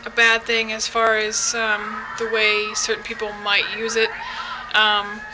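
A young woman talks into her webcam in a casual video reply, her voice sitting a bit high. She hesitates often, filling gaps with ums and restarting her sentences. A steady hiss of noise runs under the recording. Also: a little slow. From United States. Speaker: vlogger.

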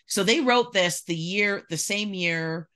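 A woman's voice: medium pitch, slow, a bit bright. A woman from Canada, a podcast guest, talking in casual chat with many restarts and reading excerpts aloud.

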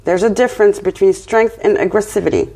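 A woman's voice: medium pitch, brisk, dark tone, slightly rough. Encouraging woman with a French accent. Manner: encouraging, often checks in with "okay?" and "right?". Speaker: tarot reader. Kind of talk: casual tarot reading to camera.

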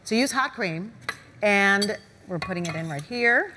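A woman's voice: mid-range voice, expressive, unhurried, noisy background. A woman chatting as a guest cook on a TV show, bubbly and hands-on. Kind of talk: casual cooking chat. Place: TV studio kitchen.

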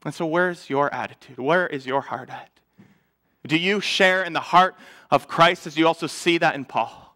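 Pastor, male, earnest sermon voice, bright and somewhat high, swells then hushes. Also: moderate pace. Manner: earnest preaching, swelling louder then dropping to a hush. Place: church.

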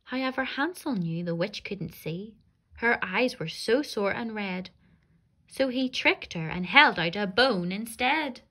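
Expressive woman reading a children's story. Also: mid-range voice, a little slow. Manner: expressive, sing-song rhyming delivery. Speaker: primary school teacher.

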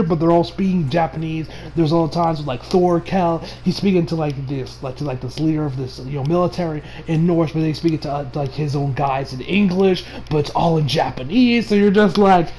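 Young man, from the US, casual anime review, rambling, full of fillers, excitable, a little high-pitched, faint noise. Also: normal speed. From United States. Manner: rambling, lots of fillers and "you know"; laughs a lot, excitable.

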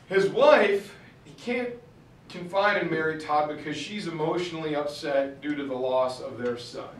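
A man's voice: a little high, a little hiss or hum. A man giving a storytelling history lecture, acting out the quotes with shifting voices. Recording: roomy far-off mic recording.

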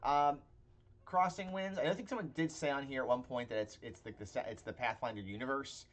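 A man's voice: medium pitch, brisk. Pittsburgh-accent guy w a bit of philly, rambly rpg podcast cohost, lots of uhs. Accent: Pittsburgh with a touch of Philadelphia. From Pennsylvania. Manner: rambling, many filler sounds. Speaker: co-host and game master. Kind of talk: casual podcast chat.

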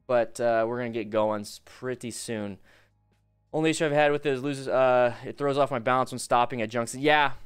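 Smooth and medium-pitched with a slightly bright tone, a male live-stream host reacts to motorcycle footage, fields questions from viewers and shares riding advice, keeping things upbeat and pushing the chat for likes.

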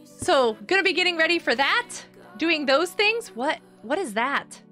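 A woman's voice: high voice, sing-song, measured pace, pushed and bright, faint music behind. A woman hosting her own game server on a live stream, chatting casually with viewers, bubbly and giggly, reading their messages aloud.

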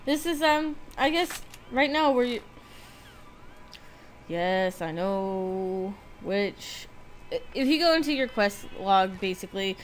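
A woman's voice: medium pitch, animated, slow pace, a little hiss or hum. A woman with a slight lisp giving casual, rambling commentary while playing a video game. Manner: chatty, rambling, self-deprecating. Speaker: let's play gamer. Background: game music.

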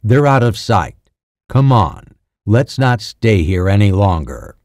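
A man voicing a blunt, practical male soldier in an audiobook, speaking gruffly. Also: fairly low pitch, big pitch swings, slow, darkish tone, no echo, studio quality, exaggerated voice. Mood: brisk.

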